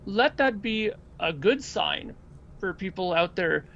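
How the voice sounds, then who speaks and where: High-voiced man hosting a chatty podcast. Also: takes it slowly, gravelly, highs cut off, a little hiss or hum. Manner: animated storyteller who acts out quoted people. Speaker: podcast host. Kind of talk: casual chat.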